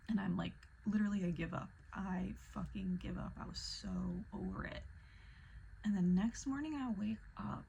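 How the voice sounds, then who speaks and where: A young woman telling a personal story in casual vlog style, animated and full of fillers, often dropping into breathy whispers. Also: medium pitch, a little hiss or hum, rough recording. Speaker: vlogger.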